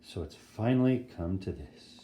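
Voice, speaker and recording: A man voicing a brash, excitable schoolboy who talks in indignant, dramatic bursts. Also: low voice, unhurried, a little hiss or hum, pitched below the performer's own voice. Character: brash, excitable eleven-year-old boy. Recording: roomy echo.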